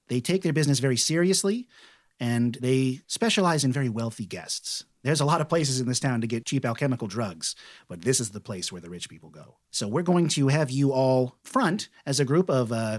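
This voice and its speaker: A man runs a tabletop game as game master, narrating in a relaxed, chatty way with plenty of fillers. His pitch moves a lot as he talks. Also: moderate pace.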